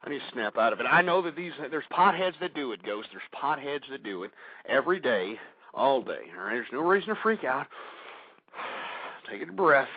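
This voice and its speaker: A man's voice: fairly low pitch, dry recording. Male radio host, panicky, stammers, muffled lo-fi sound. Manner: rattled, rambling, stammering. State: panicked, heart racing. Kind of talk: rambling radio monologue.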